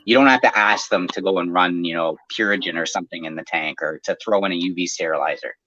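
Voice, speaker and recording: A man's voice: sits low, quick pace, pushed and bright, dull audio. A man who runs an aquarium maintenance business, chatting casually and explaining at length with plenty of fillers. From Canada. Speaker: aquarium maintenance service owner. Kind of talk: casual podcast chat.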